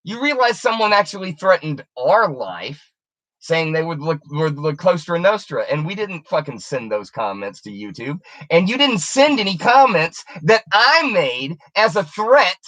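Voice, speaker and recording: Give me a woman, ranting furiously on her channel in a profane, taunting way, with a lively, swinging pitch and a bright, tense voice. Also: measured pace, no room sound. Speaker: YouTuber. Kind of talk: angry video rant.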